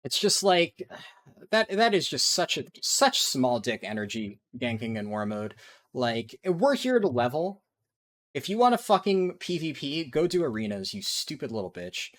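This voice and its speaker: A man gives ranting commentary over his speedrun gameplay, swearing constantly and sounding exasperated. His pitch moves a lot, and his voice sits at a middle pitch for a man. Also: big pitch swings, moderate pace, a bit bright. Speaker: speedrunner and video creator.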